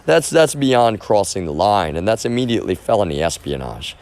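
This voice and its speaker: A man with a very low voice talks straight to his stream, unscripted and loose. He circles back and restarts his sentences often, pressing the same point over and over. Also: sing-song, a little fast, a little mellow. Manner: rambling, with many restarts and repeated phrases; insistent, keeps stressing his point. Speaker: livestreamer. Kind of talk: casual unscripted monologue.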